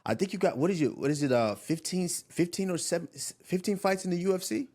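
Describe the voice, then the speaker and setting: A man in his thirties co-hosting a casual sports talk show, animated and loose, often restarting his sentences and leaning on fillers as he interviews a guest. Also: high-pitched, fast. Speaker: podcast co-host and interviewer. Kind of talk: casual chat.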